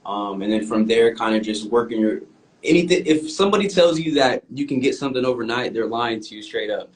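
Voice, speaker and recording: A young man co-hosting a podcast, talking earnestly in a casual, halting way with lots of "um"s. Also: mid-range voice, expressive, low-quality recording. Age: young adult. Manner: earnest, halting, many "um"s and restarts. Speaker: podcast co-host. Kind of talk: casual chat.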